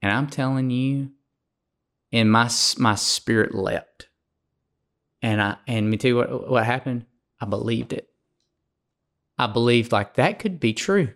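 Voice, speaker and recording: A man's voice: mid-range voice, steady tone, a little slow, pauses often, a bit bright. A man from Alabama with a Southern accent, preaching as a podcast guest in a fervent, folksy way.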